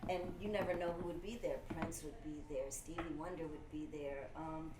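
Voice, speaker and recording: A woman in the music industry telling stories in a casual conversation, animated, with lots of "you know". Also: low-pitched, moderate pace. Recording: echoey room with faint noise.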